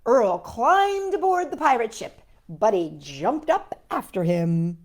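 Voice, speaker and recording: A woman reading a picture book aloud to children in a gentle, animated storytelling manner. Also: a little high, slow pace.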